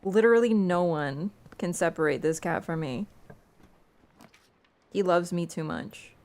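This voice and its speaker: A woman's voice: fairly low pitch, unhurried, a little mellow. A woman game streamer in casual live-stream chat, playful and chatty, talking to her cat between lines and laughing easily. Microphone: wearing an earbud headset.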